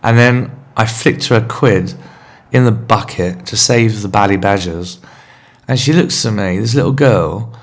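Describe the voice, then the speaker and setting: A man's voice: lowish voice, measured pace. A man hosting a podcast, telling a candid, rambling personal story in a confessional monologue. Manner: rambling, candid, self-searching. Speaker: podcast host.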